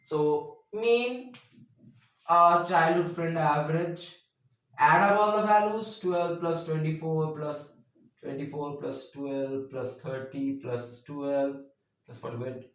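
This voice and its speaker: A man's voice: fairly high pitch, slow pace, fairly bright tone. Echoey chatty man teaching math. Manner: chatty, joking asides, frequent "means" fillers. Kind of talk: casual math tutorial. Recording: very echoey room, mic at a distance.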